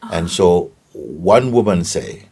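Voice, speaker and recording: A man giving a gentle spiritual talk and telling stories, often checking in with his listeners. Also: sits low, animated, a little hiss or hum. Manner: gentle, unhurried, keeps asking "you see?". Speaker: spiritual teacher.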